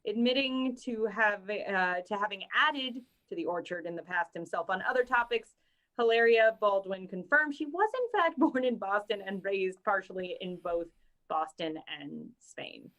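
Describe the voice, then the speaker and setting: A woman's voice: medium pitch, animated, normal speed, a bit bright. A woman co-hosting a casual podcast, reading news items and chatting with amusement. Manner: amused, laughing often. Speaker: podcast co-host.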